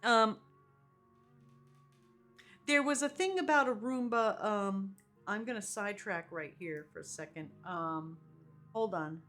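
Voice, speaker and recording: A woman's voice: mid-range voice, slow pace, pauses often, fairly bright tone, faint music behind. A woman streaming a video game live, chatting casually with viewers and laughing often as she drifts into rambling asides.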